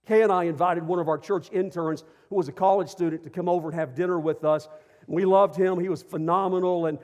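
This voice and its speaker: A middle-aged man preaches a sermon from the church stage in a fairly high voice. He leans on key phrases and stretches them out for emphasis. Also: a little mellow, big-room sound. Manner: preaching with shifting emphasis, slows for stress. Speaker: pastor.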